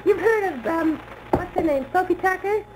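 A man's voice: very high voice, normal speed, background noise. A man voicing a giddy young female weather balloon who dreams of show business, in a 1960s radio comedy bit. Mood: warbling.

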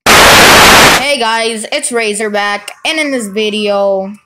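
A woman hosting a gaming channel, giving live gameplay commentary with excitable outbursts and rambling, unsure asides. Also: mid-range voice, takes it slowly, very noisy. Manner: excitable, frequent outbursts and shouting.

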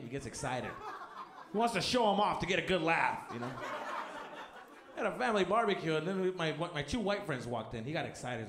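Animated young male stand-up comic. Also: a little high. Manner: animated, acting out family members. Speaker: stand-up comedian. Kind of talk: stand-up comedy. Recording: echoey room with background noise.

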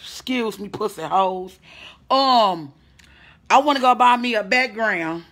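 A woman's voice: medium pitch, expressive, slow, a bit bright. A woman from the American Midwest hosting a casual, profane livestream from home, reading and answering viewer comments. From St. Louis, USA. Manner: brash, profane, reads viewer comments aloud. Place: at home, indoors.

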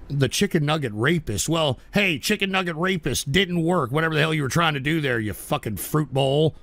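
A man hosting a live stream, reading donations aloud and cursing at his chat in combative rants that burst into shouts. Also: a little high, expressive, normal speed, gravelly. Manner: profane, combative ranting with sudden shouts. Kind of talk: live call-in style radio stream.

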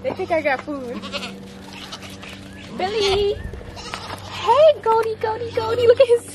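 An excitable, giggly woman chatting casually outdoors on a farm. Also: very high voice, slow. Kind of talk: casual vlog chat. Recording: noisy outdoor recording.

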